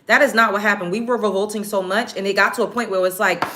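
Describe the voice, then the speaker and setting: A woman hosting a casual get-ready-with-me live stream, chatting directly to her viewers in an animated way. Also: mid-range voice, quick pace, a little hiss or hum.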